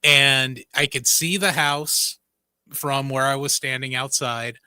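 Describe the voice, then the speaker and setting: A man co-hosting a radio show, telling a story in a relaxed way and chuckling. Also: medium pitch, takes it slowly, clear, resonant tone, no room sound. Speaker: radio co-host. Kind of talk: casual storytelling chat.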